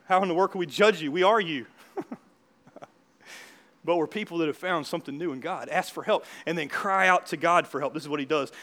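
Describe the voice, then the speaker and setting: A man pastor giving a lively, conversational sermon, laughing often and building to emphatic points. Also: sits high.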